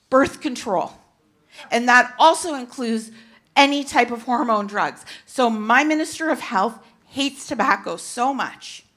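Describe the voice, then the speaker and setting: A woman's voice: fairly high pitch, fairly bright tone. A middle-aged woman, speaking as a consumer advocate at a panel event, impassioned and emphatic with frequent restarts. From Canada. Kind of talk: passionate panel talk. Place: conference event hall.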